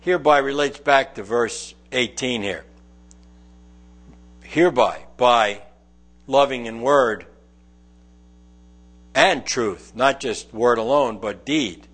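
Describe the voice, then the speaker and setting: A man's voice: mid-range voice, slow, pauses often, fairly bright tone. A middle-aged man preaching a conversational sermon, reading scripture aloud and explaining it verse by verse. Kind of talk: sermon, Bible teaching.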